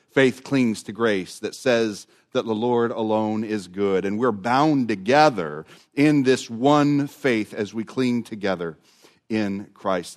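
A man preaching a sermon as pastor, emphatic and animated, often dropping his voice low and soft at the ends of phrases.

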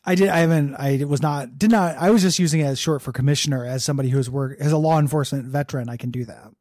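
Wry, mellow-voiced podcast host man. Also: mid-range voice, rapid-fire, dry recording, studio quality. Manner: wry, sardonic, laughing. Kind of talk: casual podcast banter.

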